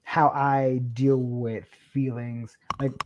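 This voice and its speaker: A young man, a podcast guest, chatting casually and acting out his own quoted lines with lively shifts. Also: medium pitch, slow, muffled recording, slight background noise. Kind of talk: casual chat.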